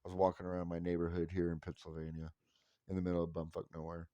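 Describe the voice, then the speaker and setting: Low-voiced rambling man in his forties. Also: monotone, quick pace, warm tone, no room sound, lo-fi sound. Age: 40s. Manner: rambling, profane, wry self-mocking. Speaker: vlogger. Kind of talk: casual storytelling monologue.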